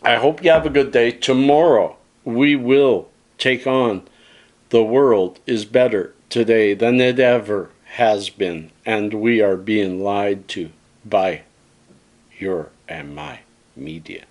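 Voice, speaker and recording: A man's voice: medium pitch, steady tone, takes it slowly. A man vlogging, giving his opinions in a folksy, musing way and calling his viewers friends. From Canada. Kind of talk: casual opinion monologue to camera.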